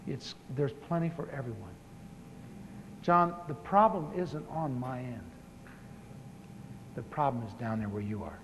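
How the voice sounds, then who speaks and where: A man voicing God as a calm, gentle presence, speaking slowly and softly in a low register. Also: full character voice. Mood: gentle, solemn. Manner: slow, low and hushed. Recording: echoey hall with faint hiss.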